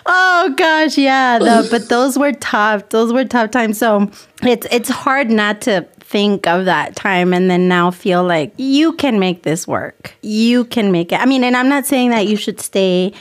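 Woman host, slightly high voice, chatty, laughing, lots of fillers. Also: animated, unhurried. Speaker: podcast host. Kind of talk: casual chat.

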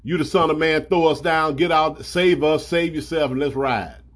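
A man's voice: a little high, normal speed, natural voice. A man voicing a mocking grown thief in a sermon, brash and taunting. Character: mocking adult male thief on a cross.

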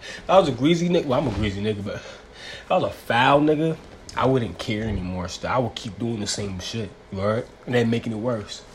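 A man's voice: medium pitch, a little fast, a little hiss or hum. A young man hosting a casual solo podcast, talking in a profane, rambling, slang-heavy way. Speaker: podcast host.

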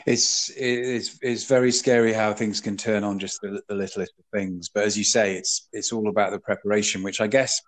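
A man hosting a podcast interview, speaking in a measured way and restarting on small words. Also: fairly low pitch, fairly even intonation, poor audio. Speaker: podcast host.

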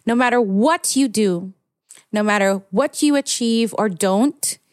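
A woman in her thirties from the Philippines, a guest on a casual podcast, speaking warmly and heartfelt, laughing often and mixing English with bits of Tagalog. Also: mid-range voice, measured pace, no room sound, clean studio sound.

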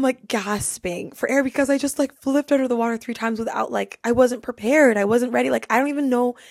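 A woman's voice: on the high side, dry recording, studio quality. A young woman hosting a podcast, telling a funny story casually and laughing through it. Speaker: podcast host.

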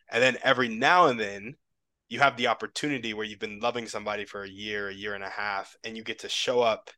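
A man with a lowish, bright and forceful voice speaks thoughtfully as a podcast guest. He often hesitates and reaches for words. The sound is close and dry. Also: no room sound. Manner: reflective and hesitant, many fillers. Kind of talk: casual podcast conversation.

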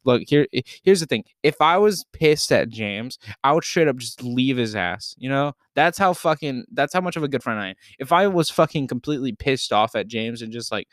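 A young man telling a story in casual chat, profane and animated, shouting when he retells what was said. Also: mid-range voice, normal speed, few pauses, smooth, dry recording, studio quality.

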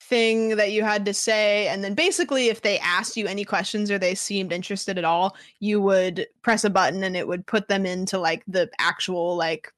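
A woman's voice: medium pitch, steady tone, normal speed, few pauses, fairly bright tone, no echo, studio quality. Chatty young woman telling work stories. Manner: chatty, lots of "like" fillers, acts out quoted voices. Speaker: guest. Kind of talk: casual interview storytelling.

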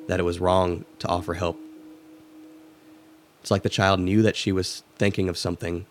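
A man co-hosting a podcast, reading a spooky story aloud in a steady, measured way. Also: sits low. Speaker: podcast co-host.

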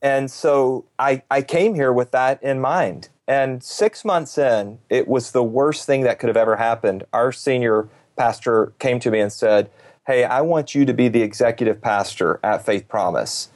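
A man's voice: mid-range voice, normal speed. Earnest man, executive pastor guest. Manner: earnest, candid storytelling. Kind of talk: interview conversation. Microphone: video call.

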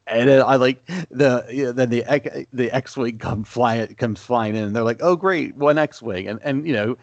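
A man's voice: medium pitch, fairly even intonation, normal speed, darkish tone, dry recording, highs cut off. A man co-hosting a podcast. He chats casually and eagerly, with many fillers as he retells his reactions. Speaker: podcast co-host. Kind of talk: casual chat.

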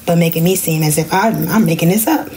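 A young woman, telling a personal story in a casual podcast vlog and jumping into high voices when she quotes people. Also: brisk, mellow, slight background noise. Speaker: podcast host.

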